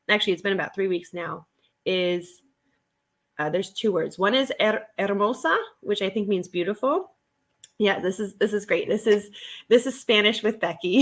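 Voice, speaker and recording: Chatty, excitable woman streaming live. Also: medium pitch. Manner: chatty and excitable, reads viewer comments aloud and greets them by name; laughs often, rambling restarts. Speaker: reseller hosting a live stream. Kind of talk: casual live-stream chat while working.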